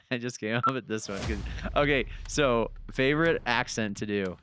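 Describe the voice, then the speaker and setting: A man in his thirties hosting a podcast, relaxed and chatty, laughing easily and talking with plenty of fillers. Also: medium pitch, measured pace, a little hiss or hum. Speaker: podcast host. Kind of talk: casual chat.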